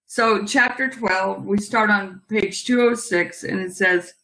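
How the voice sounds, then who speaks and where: A woman's voice: mid-range voice, slow pace, few pauses, pushed and bright, rough recording. A woman hosting a book interview show, asking questions and reading a book passage aloud with friendly affirmations.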